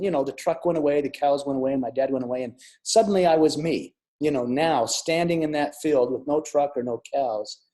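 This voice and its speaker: A middle-aged man telling a personal story in an earnest, reflective way, with restarts and soft drops in volume. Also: a little high. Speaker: speaker sharing a near-death experience. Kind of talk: personal storytelling talk with audience questions. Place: online summit talk.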